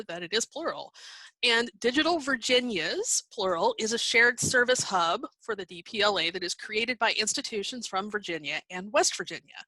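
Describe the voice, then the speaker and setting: A woman's voice: mid-range voice, sharp tone, no room sound, low-quality recording. A woman giving a virtual conference presentation while sharing her screen, explaining in a conversational way with some fillers and restarts, and she has the hiccups. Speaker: library presenter.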